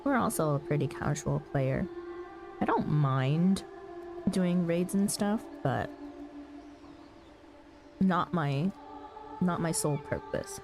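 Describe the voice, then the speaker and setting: A woman streamer, not a native English speaker, chatting in a friendly way with viewers and often clearing her throat. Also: low-pitched, lively intonation, slow pace, pauses often. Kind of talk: casual chat with viewers. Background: background music.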